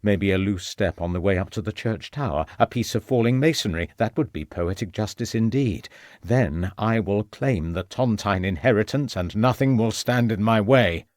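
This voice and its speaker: A man's voice: fairly low pitch, normal speed, darkish tone, dry recording, clean studio sound, close to an everyday voice. A man voicing a scheming murderous villain who talks in a sneering, gloating way.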